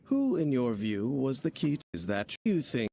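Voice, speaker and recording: A man voicing an adult male game character who asks formal, measured questions. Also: mid-range voice, big pitch swings, vocal fry, dark tone, slight background noise. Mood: questioning.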